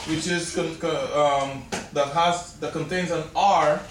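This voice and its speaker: A man's voice: a little high, steady tone, slow pace. A man teaching a language class and quizzing his students with questions. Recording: echoey room, camera far off, noisy.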